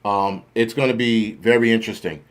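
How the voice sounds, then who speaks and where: A middle-aged man hosting a casual livestream, rambling and swearing in nearly every sentence. He jokes about getting old, then drifts into the news in the same loose, profane way, his voice climbing high when something riles him. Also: steady tone, brisk. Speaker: host.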